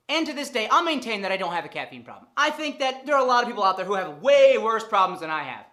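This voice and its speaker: A woman in her thirties talking straight to camera in a casual vlog monologue, animated and profane, driving her points home by repeating them. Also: a little high, fast talker, few pauses. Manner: animated, profane, emphatic repetition. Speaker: fitness vlogger.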